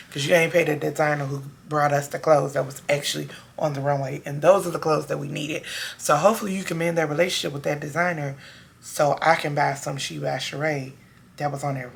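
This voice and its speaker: A hoarse woman recapping a TV episode for her viewers in a sassy, casual, chatty way. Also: sits low. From Chicago area. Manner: sassy, talks straight to her audience with slang. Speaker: TV show review vlogger.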